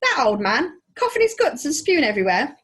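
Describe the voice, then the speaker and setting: A woman's voice: high voice, big pitch swings, fairly quick, fairly bright tone, pitched above the performer's own voice. A woman voicing a nervous, curious young boy in a storybook reading. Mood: anxious.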